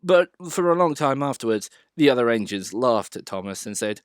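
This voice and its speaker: Man narrating a storybook, animated. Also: medium pitch, normal speed, hardly any pauses, smooth, no echo, studio quality. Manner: expressive reading aloud.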